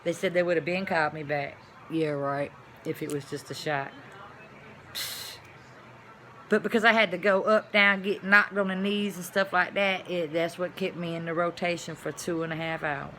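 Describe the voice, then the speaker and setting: A woman vlogger telling a personal story to camera, chatty and animated, dropping to hushed asides and rising to loud exclamations. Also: fairly low pitch, moderate pace, a little hiss or hum. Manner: chatty, addresses viewers as y'all.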